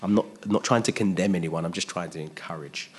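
A man's voice: low-pitched, a little fast. A man preaching a sermon. He is emphatic, repeats his phrases and asks his listeners rhetorical questions.

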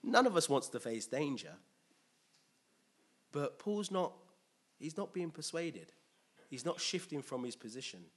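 A man preaching a sermon with animated, emphatic delivery and call-and-response. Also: on the high side, measured pace, long pauses, breathy edge.

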